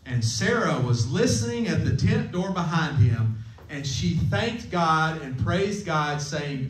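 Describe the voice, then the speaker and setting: A man's voice: on the high side, animated, a little slow. Brief: male camp preacher, jokey and conversational, recorded at a distance in a roomy chapel. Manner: playful, jokey, asks the room questions. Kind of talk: casual sermon to middle schoolers. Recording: echoey room, mic at a distance.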